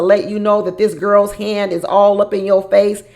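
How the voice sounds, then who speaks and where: A woman giving casual, animated recap commentary on a reality show, dramatic and laughing as she talks. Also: medium pitch, normal speed, hardly any pauses.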